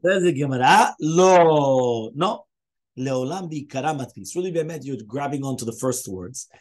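A man's voice: mid-range voice, expressive, a little fast. A man, a rabbi, teaching a Talmud lesson, explaining step by step as he poses questions and answers them.

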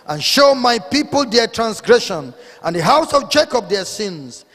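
A high-pitched man with a Nigerian accent preaches fervently, swinging between scripture reading and loud rebuking questions. His voice rings out with a long reverb in a church hall. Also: sing-song, moderate pace, few pauses, breathy edge. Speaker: pastor. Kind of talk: sermon.

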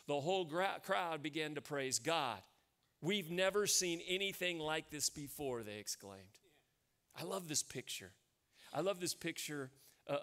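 Emphatic American pastor preaching a sermon. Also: male voice, on the high side, fairly bright tone. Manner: storytelling, emphatic, repeats key phrases.

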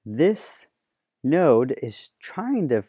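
A man teaching nursing students in a relaxed, explanatory lecture, leaning on homespun analogies and occasional fillers. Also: medium pitch, drawn-out words, slightly rough, no echo, clean studio sound. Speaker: nursing and paramedic instructor. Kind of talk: classroom lecture.

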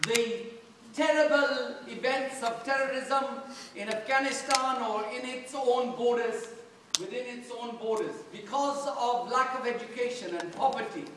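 A British parliamentarian giving an earnest fundraising speech at a charity dinner, speaking in halting phrases. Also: male voice, extremely high pitch, background noise. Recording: echoey hall from far off.

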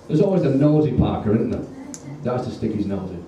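A man with a British accent performing a stand-up comedy set, telling a long story in a deadpan way and pausing before his punchlines. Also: medium pitch, a little hiss or hum. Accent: British English. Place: comedy club stage with audience. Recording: roomy live club audio from a distance. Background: audience laughter.

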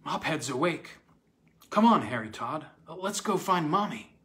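Male reader puts on a breathless, eager little girl, pitched high and pushed loud. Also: animated, a little slow. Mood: excited. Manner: high, loud, urgent delivery.

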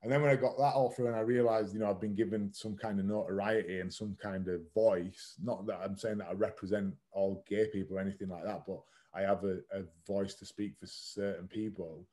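A man's voice: fairly low pitch, steady tone, fairly quick, hardly any pauses, dark tone. A man in his thirties, a podcast guest, telling his story frankly and casually, swearing now and then and using lots of "like" fillers. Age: 30s. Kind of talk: candid conversational storytelling.

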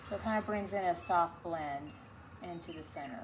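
A woman's voice: on the low side, moderate pace. A woman teaching a beginners' painting class, chatty and encouraging as she talks through each brushstroke. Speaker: painting instructor. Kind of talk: relaxed step-by-step painting tutorial. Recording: noticeable background noise.

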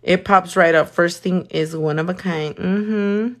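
A woman's voice: on the low side, unhurried. A woman, chatting casually and cursing freely while livestreaming her nail work. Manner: sassy, swears a lot, mixes in Spanish.

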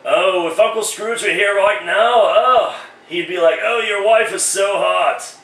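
A man's voice: high voice, measured pace, a bit bright. A man voicing a smug, mocking young nephew. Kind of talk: one-man comedic radio play. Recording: roomy echo, distant mic.

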